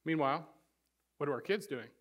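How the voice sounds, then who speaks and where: A man's voice: fairly high pitch, expressive, fairly quick. A middle-aged man preaching a sermon as pastor, emphatic, building his points through repeated phrases.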